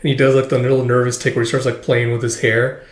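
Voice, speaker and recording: A man's voice: medium pitch, flat delivery, quick pace. A man casually recapping a manga chapter, rambling and full of filler words. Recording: echoey room.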